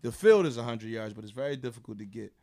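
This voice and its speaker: A man's voice: medium pitch, lively intonation, quick pace, warm tone. A man telling a story in casual chat, loose and rambling, full of fillers, acting out what people said. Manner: loose, drawling storyteller, lots of fillers, acts out quotes.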